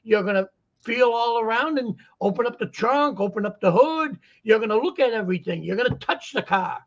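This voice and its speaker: A man with a Boston accent chatting casually on a talk show, telling stories and jokes in an animated way. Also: very high-pitched, brisk, muffled recording. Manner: joking, animated storyteller. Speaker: guest vendor. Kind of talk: casual chat. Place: lives in Florida.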